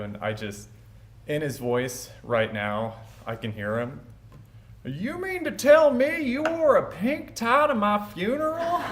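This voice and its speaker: A young man giving a eulogy as the grandson at a funeral home, casual, joking and quick. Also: on the low side, a little hiss or hum.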